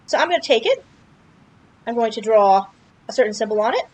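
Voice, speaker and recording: High, lively-voiced woman narrating a playthrough. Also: brisk, lo-fi sound. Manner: chatty, playful, jokey, exclaims at surprises. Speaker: video game streamer. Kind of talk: casual game playthrough commentary.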